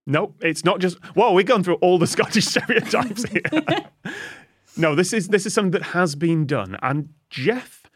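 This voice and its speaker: A man's voice: high voice, expressive, normal speed, husky, dry recording. A man hosting a podcast guessing game, giving clues in a playful, teasing way. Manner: playful, teasing clue-giver. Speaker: quiz host. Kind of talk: casual podcast quiz chat.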